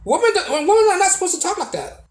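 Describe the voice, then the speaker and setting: A man's voice: extremely high pitch, big pitch swings, fast, echoey room, poor audio. A man giving a casual opinion monologue to camera as a video blogger, preachy and repetitive, with many restarts and tag questions.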